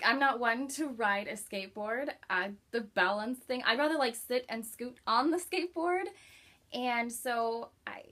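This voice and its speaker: A woman chatting casually in a book review vlog, warm and enthusiastic, with many likes and ums. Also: mid-range voice.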